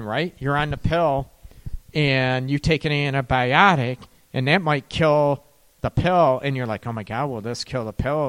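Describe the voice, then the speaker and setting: A middle-aged man giving casual, rambling relationship and sex advice, now and then acting out worried voices. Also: on the high side.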